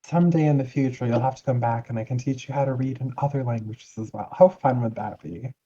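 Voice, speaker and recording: A man playing a fawning, sweet-voiced guild lady who drawls and gushes over everyone. The voice is very dark and mellow with a husky edge, heard through dull, lo-fi online-call audio. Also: mid-range voice, close to an everyday voice. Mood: gushing. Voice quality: fawning and chatty, drawn-out syrupy phrasing. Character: gushing, sweet-talking female guild member.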